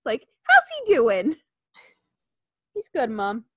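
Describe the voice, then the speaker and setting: Female co-host, casual chat, bouncy high voice with lots of swing, recorded dry. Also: breathy edge, dry recording. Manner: animated, quick, profane storytelling with impressions. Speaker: podcast co-host.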